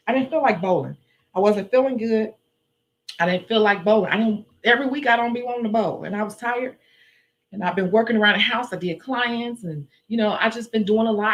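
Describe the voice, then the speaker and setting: A chatty woman with a Chicago accent hosts a casual livestream from home. She talks bluntly and forcefully and laughs often as she greets viewers. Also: medium pitch. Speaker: nail tech livestream host. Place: indoors at home.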